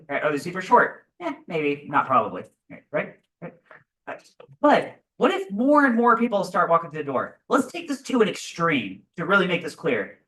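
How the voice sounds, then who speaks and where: Animated male teacher lecturing from afar. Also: sits high, recorded from a distance, poor audio. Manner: animated, keeps asking "right?". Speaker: physics teacher. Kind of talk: classroom lecture. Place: classroom.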